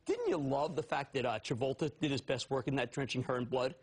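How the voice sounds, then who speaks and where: A man in his fifties hosting a TV stock market show, talking loud, manic and theatrical with sudden shouts. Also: mid-range voice, fairly quick, breathy edge. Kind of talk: excitable TV stock commentary.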